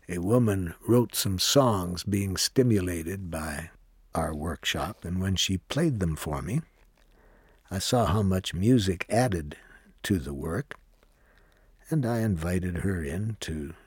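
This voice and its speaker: A man who leads workshops, telling a personal story in a slow, reflective way and acting out the dialogue. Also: low voice, slightly rough, dry recording. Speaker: workshop leader. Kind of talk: personal storytelling between songs.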